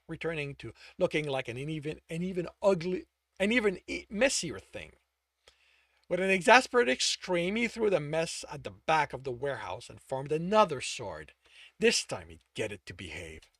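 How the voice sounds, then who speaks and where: Man reading a novel with lively pitch. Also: moderate pace, no room sound, studio quality. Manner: self-correcting slips while reading. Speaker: author reading his own novel.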